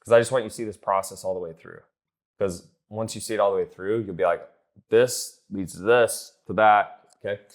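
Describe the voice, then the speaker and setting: A blunt young man coaching someone on sales in a loose, casual way. His voice sits fairly low, and he swears without a second thought. When he acts out chats and texts, he lifts his voice into a brighter, higher tone. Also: fairly even intonation, fairly quick. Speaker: business coach.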